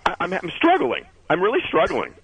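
A man's voice: high voice, huge pitch swings, brisk, a bit bright, breathy edge, dry recording, poor audio. A man giving a celebrity news rundown as a radio guest, stammering and emphatic as he gets worked up.

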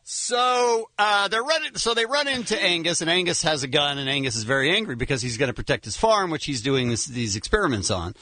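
A man hosting a casual talk show, recapping a film with animated storytelling and frequent laughs. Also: a little high, a little fast, few pauses. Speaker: podcast host.

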